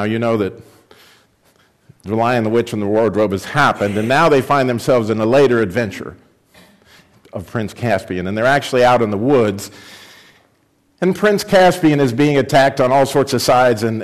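A man preaching to a congregation who breaks into reading a children's story aloud. He reads expressively and lifts his pitch whenever he voices the young girl. His voice sits at a middle pitch for a man. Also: normal speed. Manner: expressive reader, raising pitch for the girl's lines.

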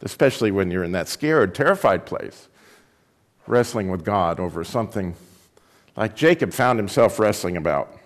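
A pastor giving a sermon, reading a story aloud with reflective, storytelling delivery. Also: male voice, on the low side, lively intonation, normal speed.

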